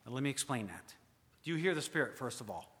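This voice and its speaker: A man preaching a sermon, asking the congregation rhetorical questions, rising to loud emphasis and then dropping to quiet asides. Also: medium pitch, sing-song, fast. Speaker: pastor. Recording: long hall reverb.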